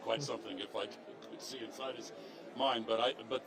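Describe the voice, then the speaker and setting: A man speaks in a slow, deliberate, halting cadence in a TV news interview. His voice is fairly low. Crowd noise is clearly heard behind him. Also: level tone, poor audio. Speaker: former politician interviewed on news.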